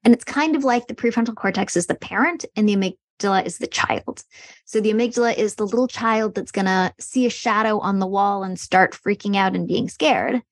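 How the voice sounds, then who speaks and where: Woman guest on a podcast, explaining stuff clearly, bit animated, dry close sound. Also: mid-range voice, brisk, dry recording. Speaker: guest expert on meditation.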